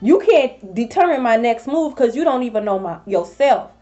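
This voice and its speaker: A woman's voice: a little high, animated, moderate pace, warm tone, muffled recording. A woman tarot reader scolding her rivals in a sassy, profane vlog monologue. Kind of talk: confrontational spiritual vlog monologue.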